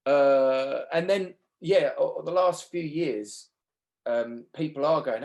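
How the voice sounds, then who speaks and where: A man with a London accent, a band's lead singer, chatting in a casual radio interview, lively and swearing freely. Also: fairly high pitch, takes it slowly, gravelly. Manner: animated, swears freely, acts out quoted voices.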